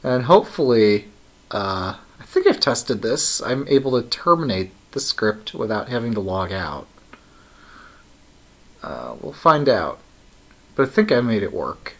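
A man's voice: medium pitch, sing-song, unhurried, fairly bright tone. A man live-streaming his coding work, thinking aloud in a wry, casual way with many ums and uhs.

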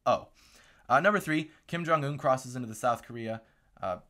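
A man's voice: medium pitch, normal speed, a bit bright. A man hosting a political commentary vlog, talking in a sarcastic, mocking way.

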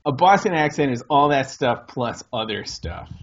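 A man's voice: medium pitch, lively intonation, moderate pace, dull audio, slight background noise. A man, co-hosting a podcast in casual chat and rambling through hesitant restarts. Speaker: podcast co-host.

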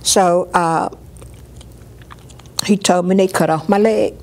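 Low-voiced woman telling her story. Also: takes it slowly. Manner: lively storytelling, acting out others' words. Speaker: storyteller sharing her life. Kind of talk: personal story told in an interview.

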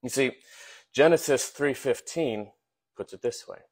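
A man's voice: mid-range voice, measured pace, slightly rough. A man preaching a sermon in a conversational way, with frequent fillers, repeated words and rhetorical questions put to his listeners.

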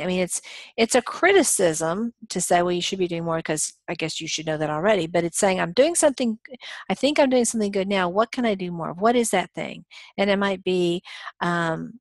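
A woman's voice: lowish voice, no echo. A woman giving a recorded college lecture in a conversational way, full of fillers and self-corrections.

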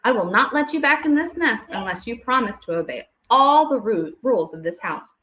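A woman's voice: fairly high pitch, expressive, normal speed, a bit bright. A woman voicing a strict storybook mother bird who scolds the chicks and lays down the rules of her nest. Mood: stern. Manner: scolding, stern. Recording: echoey room, dull lo-fi audio.

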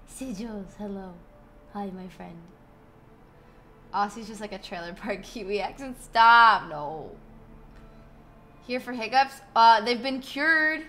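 A woman's voice: medium pitch, expressive, takes it slowly, long pauses, a bit bright, slight background noise. A woman chatting casually on a live gaming stream, giggly and scattered, often breaking into laughs.

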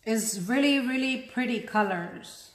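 A chatty, self-deprecating woman hosts a casual painting tutorial, talking as she works. She has a non-native English accent, since English isn't her first language, and her somewhat high voice keeps a measured pace. The room is echoey and the background noisy.

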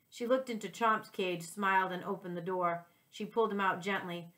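A woman, a second-grade teacher, reading a children's chapter book aloud in a gentle, clear way, with small slips she corrects. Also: mid-range voice, moderate pace, hardly any pauses.

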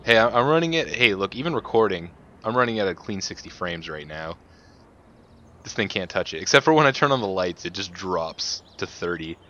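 A man's voice: big pitch swings, a little fast, fairly bright tone. A man co-hosting a gameplay video, chatting casually and laughing often. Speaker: co-host playing a farming game. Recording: muffled low-fi mic with faint hiss.

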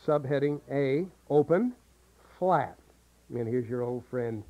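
A man with a medium-pitched, animated voice speaks slowly while teaching a voice acting seminar, explaining and demonstrating vocal sounds for a group. The old seminar tape sounds tinny and muffled.

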